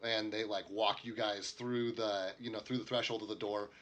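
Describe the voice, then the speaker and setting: A man's voice: fairly low pitch, flat delivery, normal speed, fairly bright tone. A man narrating as a game master in a casual, rambling way, with many fillers.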